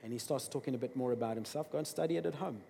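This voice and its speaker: A man preaching a sermon, emphatic, swinging between loud bursts and quiet asides. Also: mid-range voice, very fast, vocal fry. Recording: long reverb of a large hall.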